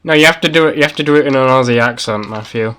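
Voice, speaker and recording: A man's voice: mid-range voice, racing, bright, forceful tone, a little hiss or hum. A man streaming a game and chatting casually with friends, rambling and swearing as he talks. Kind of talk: casual gaming chat.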